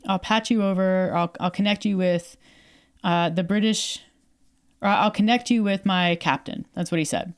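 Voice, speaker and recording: A woman's voice: medium pitch, steady tone, normal speed. A young adult woman from Canada, co-hosting a podcast and telling a story in casual chat, acting out quoted dialogue with lots of fillers. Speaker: podcast co-host.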